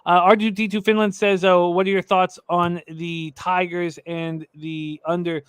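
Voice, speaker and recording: A man's voice: sits high, flat delivery, unhurried, smooth, no room sound, studio quality. A man hosting a live sports betting show, talking casually with restarts and reading viewer comments aloud.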